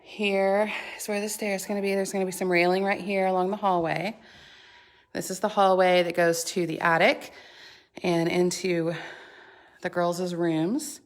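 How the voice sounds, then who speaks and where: A woman's voice: fairly low pitch, level tone, measured pace. A woman giving a chatty, gushing home tour vlog inside a house under construction, filmed on a handheld phone. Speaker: homeowner vlogger.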